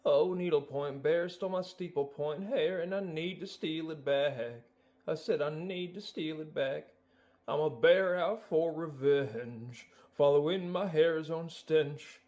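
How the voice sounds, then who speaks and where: A man's voice: a little high, measured pace, darkish tone, natural voice. A man voicing a swaggering male cartoon bear, rapping and singing in a put-on accent. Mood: brooding. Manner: rhythmic rap delivery in a put-on accent. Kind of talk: sung and rapped musical number.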